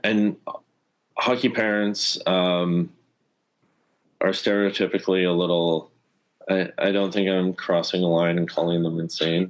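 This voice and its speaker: A Canadian former hockey player in his thirties, telling a personal story in an interview in an earnest, animated way and acting out the dialogue. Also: low voice. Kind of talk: conversational storytelling.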